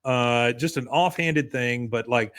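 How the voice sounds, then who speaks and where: Man, podcast co-host, casual recap, mid-pitched voice, jumps up in pitch for quoted lines. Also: unhurried, a bit bright. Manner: retells scenes, acting out lines with raised pitch. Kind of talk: casual episode recap chat.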